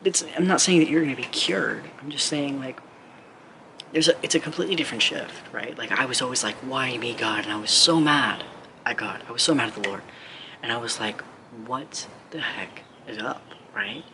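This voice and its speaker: Earnest male motivational speaker talking off the cuff to a camera with steady background noise, middling pitch. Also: fairly quick, gravelly. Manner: earnest, rambling, heavy use of 'like'. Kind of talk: casual direct-to-camera talk. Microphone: camera mic.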